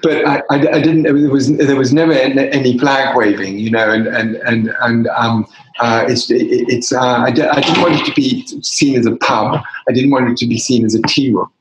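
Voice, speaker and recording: An older British man who owns a wine bar is a guest in a casual interview, speaking at medium pitch with fairly even intonation and a moderate pace. He sounds hesitant, often restarting sentences and using fillers. The room is echoey, with slight background noise.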